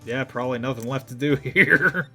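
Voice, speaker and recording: A man's voice: medium pitch, normal speed, bright, forceful tone, faint music behind. A young man voicing a game's dialogue, with jokey, self-mocking asides. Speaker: let's play voice actor. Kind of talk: game playthrough with voiced dialogue.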